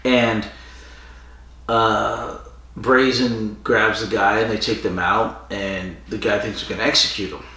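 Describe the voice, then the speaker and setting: A man's voice: fairly low pitch, level tone, unhurried, sharp tone. A man co-hosting a casual podcast, recapping the plot of an episode with plenty of fillers and restarts. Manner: rambling, with frequent fillers and restarts. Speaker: podcast co-host. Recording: roomy and distant from the mic.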